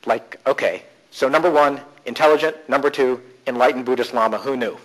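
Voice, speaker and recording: A man presenting at a conference, telling animated, joking stories in a humorous live talk. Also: mid-range voice, a little fast, poor audio. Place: conference session room.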